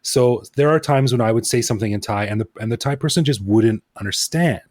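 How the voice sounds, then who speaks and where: A man hosting a podcast in relaxed, thoughtful casual chat with self-deprecating asides. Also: medium pitch, fairly quick, no echo, clean studio sound. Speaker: podcast host.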